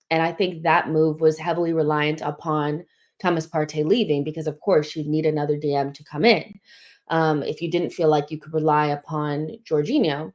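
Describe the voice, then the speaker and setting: Young woman live-streaming about football, kinda out of breath, lowish voice, chatty. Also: a little mellow. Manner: chatty, reads viewer comments aloud. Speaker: host of a football fan show. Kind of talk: casual live-stream chat.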